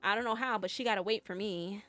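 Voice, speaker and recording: A woman's voice: medium pitch, fast talker, sharp tone, no echo, faint music behind. A young woman streaming and chatting casually with her viewers, playful and giggly, teasing herself. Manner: playful, giggly, self-mocking. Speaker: VTuber streamer.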